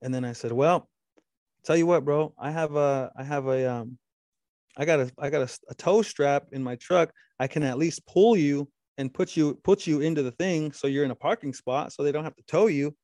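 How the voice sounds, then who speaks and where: A man's voice: fairly quick, warm tone, no room sound, studio quality. A man telling a long story in casual chat, with lots of swearing and restarts. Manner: rambling storytelling with frequent profanity and restarts; quotes the other man at length in a low voice.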